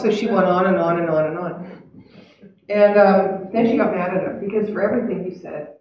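A woman's voice: medium pitch, fairly even intonation, a little fast, muffled recording. A woman giving a spiritual talk to a live audience, earnest and chatty, reflective by turns. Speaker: spiritual speaker. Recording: echoey hall, heard from a distance.

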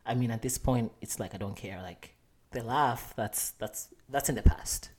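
A man's voice: medium pitch, moderate pace, darkish tone, breathy edge. A man in his twenties from Malawi, co-hosting a podcast and chatting in a reflective, earnest way with easy laughter. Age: 20s. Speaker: podcast co-host. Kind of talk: casual chat.

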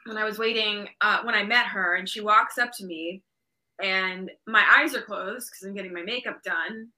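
Bright-voiced chatty woman. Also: medium pitch, rough recording. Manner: chatty anecdotal storytelling. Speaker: actress guest. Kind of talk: casual interview chat.

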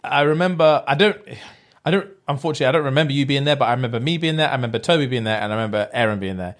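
A man's voice: medium pitch, very fast. A young man, telling stories in a casual chat, slangy and swearing freely. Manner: animated storytelling, swears, slangy.

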